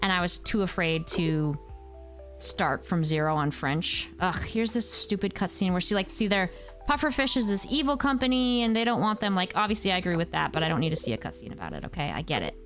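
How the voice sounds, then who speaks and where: A woman's voice: fairly low pitch, expressive, brisk, a bit bright. A young woman chatting casually on a gameplay stream, rambling and answering her chat, with faint music behind her.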